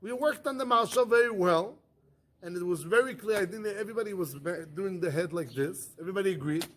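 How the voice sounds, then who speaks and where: A man's voice: high voice, fast talker. A man, a rabbi, giving a Talmud study class in non-native English, asking rhetorical questions and answering them himself. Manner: animated, acts out the arguments in first person.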